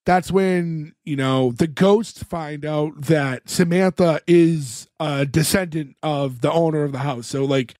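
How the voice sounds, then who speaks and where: A man's voice: fairly high pitch, takes it slowly, hardly any pauses, a little mellow, no room sound, studio quality. A man co-hosting a podcast, recapping a TV episode in casual chat with lots of fillers, acting out the characters' lines as he goes. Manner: rambling, many fillers, acts out characters' lines. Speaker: podcast co-host.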